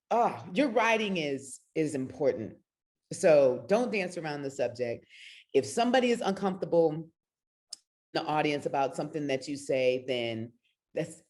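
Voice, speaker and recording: Middle-aged woman poet, lively pitch over a lowish voice, earnest and near tears, on a video call. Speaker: spoken word poet. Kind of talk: casual talk on a video call.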